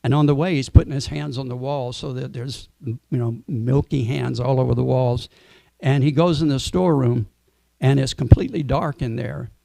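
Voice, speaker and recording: A man with a gravelly, low-lying timbre tells a devotional story to a gathered audience. His tone is dark and mellow, and the sound is dry and close. He talks in a relaxed way and now and then asks the listeners questions. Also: moderate pace, no echo. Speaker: speaker at a temple Sunday program. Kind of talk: storytelling sermon.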